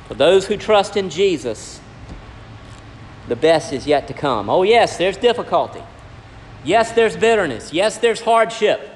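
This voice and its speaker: A man preaches a sermon in a church hall, his voice sitting a bit high. He swings between raised, ringing lines and quiet, hushed ones. Long reverb trails every phrase over a faint room hum. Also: lively intonation, a little slow. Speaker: pastor.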